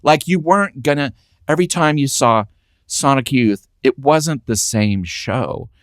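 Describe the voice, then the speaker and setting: A man's voice: medium pitch, expressive, measured pace, dry recording, studio quality. A man hosting a casual interview chat, recalling shows with a fan's enthusiasm. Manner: enthusiastic fan, chatty recollections. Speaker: podcast host.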